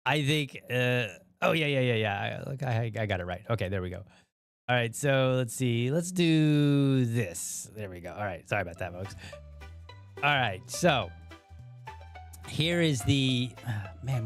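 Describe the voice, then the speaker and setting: A man hosting a show, chatting casually about a video and thinking aloud with frequent asides to viewers. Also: mid-range voice. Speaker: podcast host. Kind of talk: casual commentary on a viral video.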